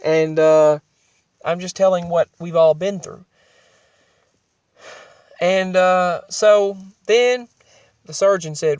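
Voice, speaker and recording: Rambling young man, slightly high voice. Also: slow, pauses often, a little mellow, clear, resonant tone, no echo. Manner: rambling, restarts, emotional. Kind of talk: personal storytelling vlog.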